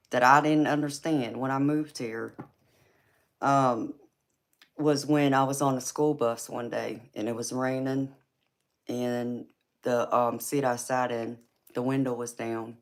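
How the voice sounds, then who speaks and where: A woman with a Georgia Southern accent chats easily with her viewers, laughing often. She calls them honey and girlfriend and keeps a friendly, talkative flow. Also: extremely low pitch. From California. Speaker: livestream tarot reader. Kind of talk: casual live-stream chat with viewers.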